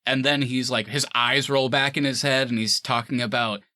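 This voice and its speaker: A man co-hosting a film review podcast in casual chat, animated and laughing often as he acts out scenes. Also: medium pitch, fast talker, few pauses, no room sound.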